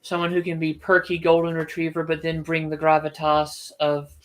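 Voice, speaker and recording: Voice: mid-range voice, monotone, normal speed. An author hosting a casual book livestream, thinking aloud with restarts and firm opinions.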